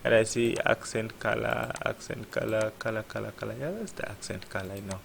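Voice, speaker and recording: A man with a low, gravelly voice talks through a coding lesson as he works on screen. He keeps asking "what?" and then answers it himself. A faint hiss sits under the recording. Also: steady tone, fairly quick. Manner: thinks aloud, asks "what?" and answers himself. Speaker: programming tutor.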